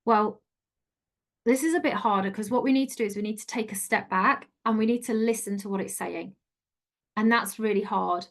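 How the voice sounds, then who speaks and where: Middle-aged woman, life coach, earnest and chatty, mid pitch. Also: moderate pace. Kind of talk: online coaching talk.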